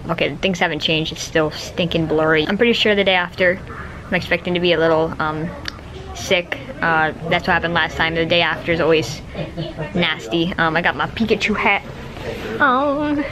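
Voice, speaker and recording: A man's voice: fairly high pitch, fairly even intonation, normal speed, background noise. Tired young man rambling in a hospital room. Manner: rambling, many fillers and restarts. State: tired after surgery. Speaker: vlogger. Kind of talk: casual vlog chat.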